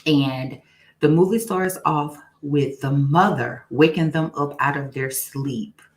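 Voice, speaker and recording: A woman's voice: sits low, slow, poor audio. A young woman hosting a casual live stream, greeting viewers by name and testifying about her faith. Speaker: livestream host.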